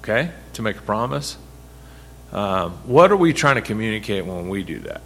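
A man's voice: on the low side, big pitch swings, normal speed, vocal fry, slight background noise. A man leading a Bible study, talking conversationally, asking the group questions and repeating his points for emphasis. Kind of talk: interactive sermon teaching.

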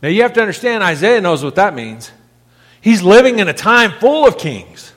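A male pastor with a high voice delivers a sermon to his congregation. He talks plainly and stumbles over repeated words, then swells when reading scripture aloud. His voice rings with the long reverb of a big hall. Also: big pitch swings, normal speed, a bit bright.

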